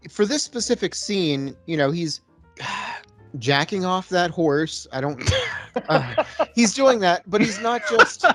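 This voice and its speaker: Slightly high man recapping a movie. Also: expressive, a bit bright, soft background music. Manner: halting, recapping scenes with restarts. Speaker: podcast co-host. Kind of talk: casual movie-review chat.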